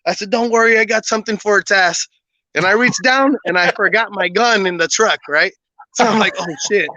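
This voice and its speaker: A man who is a podcast guest, casually telling a personal story in an animated way, often laughing and acting out what people said. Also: high-pitched, a little fast, dry recording, low-quality recording.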